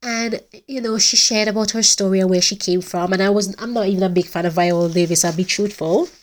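A woman's voice: medium pitch, steady tone, a little fast, a little hiss or hum. Earnest woman podcast host. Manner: earnest, heartfelt, many restarts. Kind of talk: casual faith-based podcast talk.

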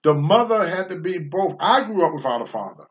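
Blunt older man preaching with lively pitch. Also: fairly quick, lo-fi sound. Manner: blunt, preachy, swings from low mutters to loud outbursts. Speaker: podcast host, former wrestler. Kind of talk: candid talk-show commentary.

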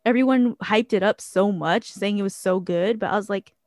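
A woman's voice: medium pitch, normal speed, darkish tone, no echo, studio quality. A young woman chatting casually and telling a story, laughing often and using plenty of fillers. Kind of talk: casual chat.

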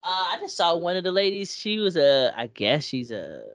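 A man's voice: sits high, normal speed, no echo. A man co-hosting a podcast in casual chat, telling stories in a slangy, rambling way and laughing often. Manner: laughing, lively storyteller. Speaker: podcast co-host.

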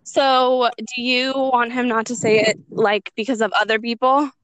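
A woman's voice: on the high side, flat delivery, normal speed, a bit bright, clear, resonant tone, no echo, rough recording. A woman asking playful questions in a casual chat.

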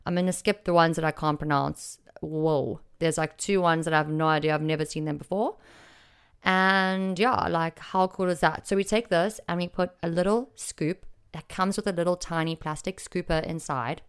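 A woman hosting a casual solo podcast from a small home office, chatty and excitable, rambling a little. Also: lowish voice, smooth. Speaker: podcast host.

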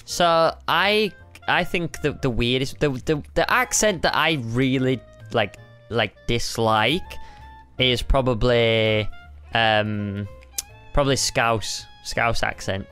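A man's voice: medium pitch, takes it slowly, sharp tone, smooth, faint music behind. A man co-hosting a casual podcast chat, teasing his friend with fillers and laughs. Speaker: podcast co-host.

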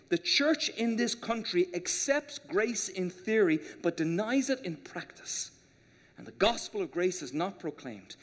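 Pastor guy preaching hard, pretty high voice, lots of echo bouncing round the sanctuary. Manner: impassioned preaching, rising and dropping for emphasis. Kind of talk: sermon. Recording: long reverb of a large hall.

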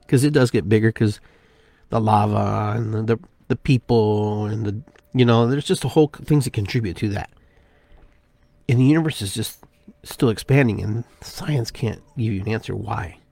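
A man hosting a spiritual podcast, talking in an unhurried, musing way and repeating phrases with shifting inflection. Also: fairly low pitch, creaky, darkish tone, slightly rough, dry recording. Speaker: podcast host. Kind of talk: reflective spiritual monologue.

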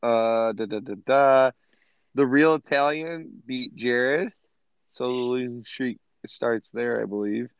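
A man's voice: mid-range voice, takes it slowly, clean tone, dry recording. Profane man, casual podcast banter. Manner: profane, storytelling, animated. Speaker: podcast co-host. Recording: dull lo-fi sound.

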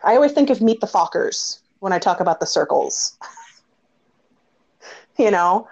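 A woman hosting a casual conversation, telling stories with lots of laughter and animated quoted dialogue. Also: mid-range voice, normal speed. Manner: animated storyteller, laughs often. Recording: dull lo-fi audio.

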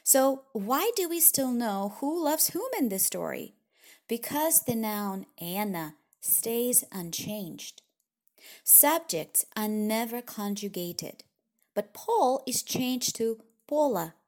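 A woman's voice: fairly high pitch, slow. Woman teaching a language lesson. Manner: clear, explanatory, lively intonation.

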